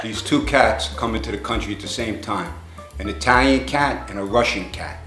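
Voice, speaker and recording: A man's voice: on the low side, moderate pace, a bit bright, reverberant, soft background music. A man telling jokes in a rambling, conversational way, raising his voice to act out the characters. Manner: rambling storyteller, acts out characters in raised voice. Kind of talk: joke telling.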